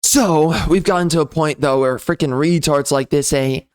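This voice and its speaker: A man delivering a loud, sneering, profane comedy rant as a game reviewer. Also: on the high side, moderate pace, hardly any pauses, clean tone. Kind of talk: ranting comedy commentary.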